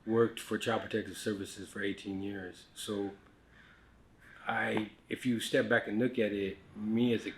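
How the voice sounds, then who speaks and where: A middle-aged American man telling his life story candidly in a casual podcast conversation, with many fillers, restarts and quiet asides. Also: on the low side, level tone, a little slow. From United States.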